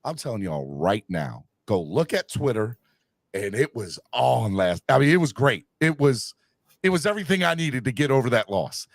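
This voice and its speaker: Ranting, gravelly-voiced man, lively pitch. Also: normal speed, no room sound, clean studio sound. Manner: animated, ranting, bursts into shouting. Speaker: sports podcast host. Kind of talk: heated sports talk.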